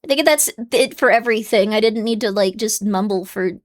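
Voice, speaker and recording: A woman's voice: mid-range voice, fairly quick. A young adult woman streaming live, chatting casually and bubbly, playfully scolding and dropping into whispers.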